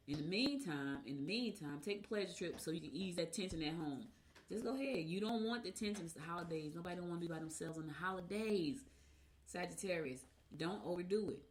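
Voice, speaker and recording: A radio host reads horoscopes in a casual, chatty manner, drifting off into personal asides. She has a low-pitched voice and says herself that she talks fast.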